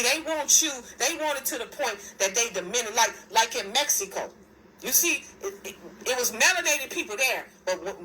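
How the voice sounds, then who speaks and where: A woman holds forth in a casual monologue to her viewers, with a bright, forceful voice. She speaks emphatically, circles back over the same points and keeps pointing things out. A faint noise sits behind her. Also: mid-range voice, low-quality recording. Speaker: video commentator.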